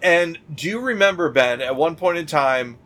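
Slightly high-voiced man telling work stories. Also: moderate pace. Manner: animated retelling with acted-out quotes, loose restarts. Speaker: podcast co-host. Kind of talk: casual storytelling chat.

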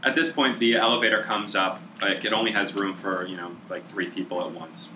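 A man narrating as game master of a tabletop game in a relaxed manner, with frequent fillers. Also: fairly low pitch, brisk, a little hiss or hum, poor audio. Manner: relaxed, laughing often, filler-heavy.

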